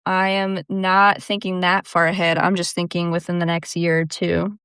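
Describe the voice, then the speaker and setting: Fairly low-pitched and a bit bright, her smooth voice stays level at a moderate pace. She's a young podcast host in a casual solo monologue, chatty, laughing often, and saying "dude" and "like" constantly. The audio is studio quality, with no room sound.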